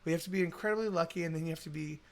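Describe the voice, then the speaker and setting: Chatting on a live stream, a musician with a Texan accent races along in a fairly high voice. He rambles, curses often, and keeps restarting his sentences with plenty of fillers.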